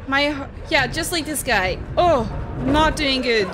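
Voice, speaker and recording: A woman's voice: high voice, big pitch swings, normal speed, a loud crowd, heavy background noise. A young woman with a Dutch accent giving live gameplay commentary, jumpy and shrieking and laughing at scares. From Netherlands. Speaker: streamer.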